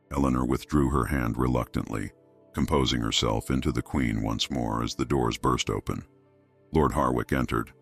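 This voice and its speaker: A man reading a scripted story as narrator in a measured, even way, over faint music. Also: extremely low pitch, breathy edge.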